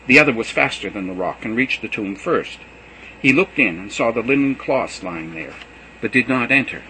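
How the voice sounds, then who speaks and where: A man giving an expressive, dramatic reading of scripture. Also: lowish voice, a little hiss or hum, rough recording. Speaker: scripture reader.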